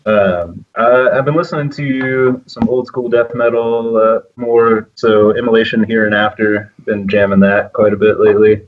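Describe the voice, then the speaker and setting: A man's voice: fairly low pitch, little pitch movement, normal speed, few pauses, narrow, tinny audio, a little hiss or hum. Rambling man on a distant mic. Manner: rambling, full of "like" and "uh". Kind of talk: casual podcast chat.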